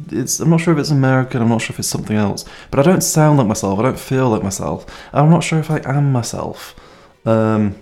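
A man's voice: fairly low pitch, darkish tone. A man presenting a music radio show, chatting between songs in a rambling, self-mocking way with many fillers. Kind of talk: casual music show links.

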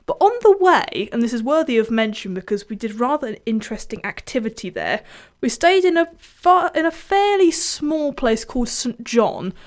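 A woman's voice: fairly high pitch, big pitch swings, moderate pace. Chatty woman hosting a radio show. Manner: chatty, self-deprecating, erratic. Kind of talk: casual radio presenting.

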